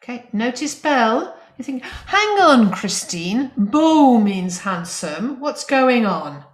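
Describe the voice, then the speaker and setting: A woman teaching French in an online lesson, explaining grammar with lively emphasis and spoken French examples. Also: on the high side, slow, roomy sound.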